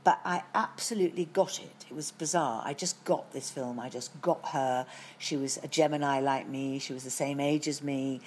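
Middle-aged british actress w a low voice spinning long stories, lots of restarts, faint hiss behind. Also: female voice, normal speed, hardly any pauses. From Britain. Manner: lively storytelling with frequent restarts. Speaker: actress as guest. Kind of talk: anecdotal interview chat.

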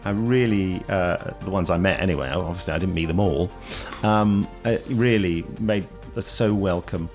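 A man's voice: sits low, normal speed, few pauses, darkish tone, faint music behind. A man hosting a podcast in a jokey, rambling chat, laughing often, from Britain. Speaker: podcast host.

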